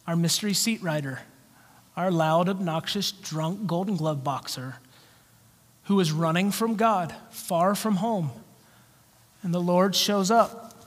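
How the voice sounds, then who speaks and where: A male pastor preaching a sermon with animated storytelling. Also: high voice. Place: church sanctuary. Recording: long church hall reverb.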